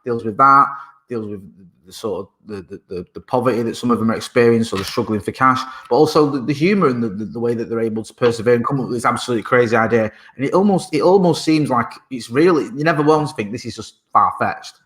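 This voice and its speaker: Male co-host with a bright tone, rambles and hunts for words, dry humor. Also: medium pitch, fast. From Britain. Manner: rambling, searching for words with many restarts; dry, joking banter. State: parent. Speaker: podcast co-host. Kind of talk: casual chat.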